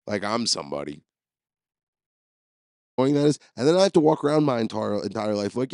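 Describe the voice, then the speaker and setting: A man's voice: on the low side, very animated, a little fast, long pauses, a little mellow, no room sound, clean studio sound. A man hosting a podcast, telling rambling, profane, jokey stories as a comedic solo monologue. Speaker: podcast host.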